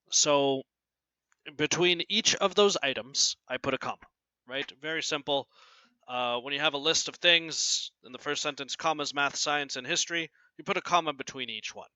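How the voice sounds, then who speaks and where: A man teaching a grammar lesson, often asking "right?" and reading example sentences aloud with clear pauses. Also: fairly high pitch, bright, forceful tone, no echo, poor audio. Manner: keeps asking "right?" to check understanding. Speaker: English teacher.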